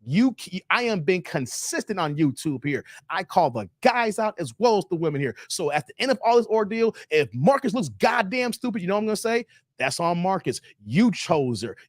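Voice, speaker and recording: A man delivering blunt, preachy live-stream commentary. His voice sits somewhat high for a man. The recording is close and dry, and he drives each point home over and over. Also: very animated, normal speed, no echo. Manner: blunt, preachy, repeats himself. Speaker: YouTube commentary host.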